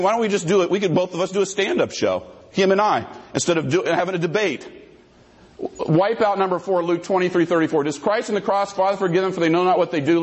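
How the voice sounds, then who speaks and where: A man with a notably high-pitched voice delivers a combative theological debate presentation. He reads verses aloud and parses their grammar point by point to argue his case. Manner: combative, quotes and parses scripture.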